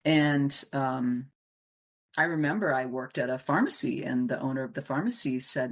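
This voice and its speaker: A woman's voice: rumbling low, normal speed. A middle-aged woman from Wisconsin, a coach and interview guest, telling stories from her life and acting out the voices of the people in them. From Wisconsin, USA. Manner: animated storyteller who acts out voices. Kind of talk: storytelling in a conversational interview.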